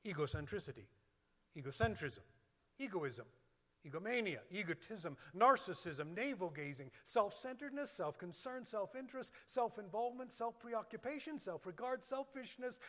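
A male pastor preaches with a high, very animated voice. He hits long strings of words one by one. The sound carries a long reverb from a big hall. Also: normal speed. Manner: emphatic, lists words one by one. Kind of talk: sermon.

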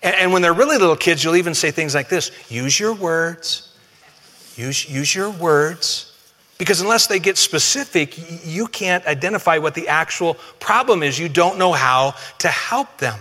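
A man preaches in a bright, fairly high voice, talking to his congregation in a relaxed way with some humor. His words ring out under the long reverb of a church hall. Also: a little fast, hardly any pauses. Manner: conversational, humorous, addresses congregation directly. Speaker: pastor. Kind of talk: sermon.

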